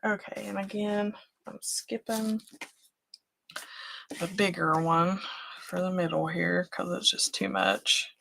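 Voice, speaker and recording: A woman's voice: on the low side, slow, vocal fry, pauses often, a bit bright, slight background noise. A woman from West Virginia with an Appalachian accent, a craft host chatting casually and folksily while she works, laughing often.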